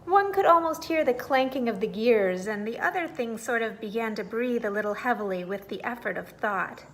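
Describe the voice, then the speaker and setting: A woman reads a children's bedtime storybook aloud with expressive, animated narration. Her voice sits a little high. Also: moderate pace.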